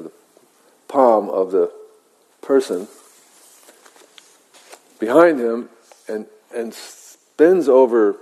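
A man, a meditation teacher, telling a story in a measured, reflective way with halting pauses, in a meditation hall. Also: fairly low pitch, darkish tone, breathy edge. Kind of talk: dharma talk storytelling. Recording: long hall reverb.

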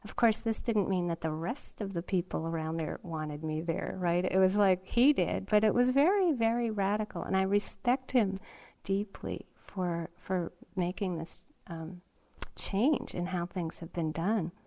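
Woman, meditation teacher, mellow voice, gentle and reflective, soft laughs, dharma talk. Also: on the low side, unhurried. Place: retreat center meditation hall.

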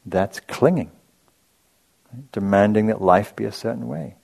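A man's voice: fairly low pitch, measured pace, vocal fry, a little mellow, husky. A man teaching meditation in a casual, chatty dharma talk, telling stories with rambling asides and laughing at his own anecdotes.

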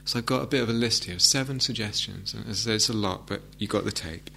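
Gentle gravelly-voiced male meditation teacher. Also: on the low side, fast talker, slight background noise. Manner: gentle, hesitant restarts, reflective. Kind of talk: dharma talk. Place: meditation hall with audience.

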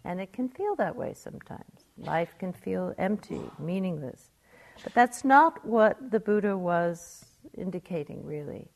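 An older woman, a meditation teacher, giving a gentle, reflective dharma talk. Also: on the low side, expressive, a little slow, vocal fry.

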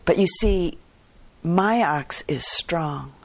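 A woman's voice: lively intonation, slow pace, exaggerated voice. A woman voicing a poor, anxious male farmer who stammers and pleads, stubborn but timid. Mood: eager, pleading. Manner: stammering, pleading, pitch rising.

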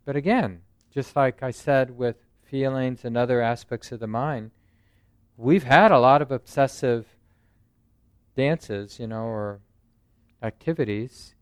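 A man who teaches meditation, giving a relaxed, conversational dharma talk and often checking in with "right?" and "you know". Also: mid-range voice, a little slow, clean tone, dry recording. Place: meditation center.

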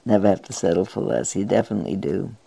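An older woman, a meditation teacher, giving a musing dharma talk with gentle pauses and fillers. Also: extremely low pitch, creaky, a little hiss or hum.

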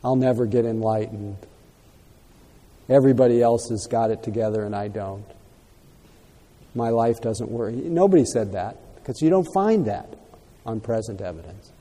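Calm male meditation teacher in a hall. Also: medium pitch, moderate pace, long pauses. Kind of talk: dharma talk Q&A. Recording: reverberant hall.

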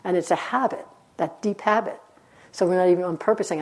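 A woman's voice: fairly low pitch, moderate pace. A woman meditation teacher giving a dharma talk, telling stories in a conversational way with frequent laughter. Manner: warm conversational storytelling, laughs often.

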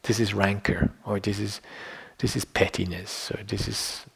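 A man's voice: on the low side, level tone, measured pace, vocal fry, a bit bright, husky. A middle-aged man giving a meditation teaching, reflective and conversational, often checking in with "you know" and "yeah". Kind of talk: dharma talk.

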